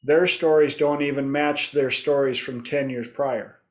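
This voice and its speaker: A man's voice: medium pitch, steady tone, unhurried. A man hosting a casual group discussion, telling stories and acting out his clients' voices. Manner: storytelling, acts out clients' voices. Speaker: host.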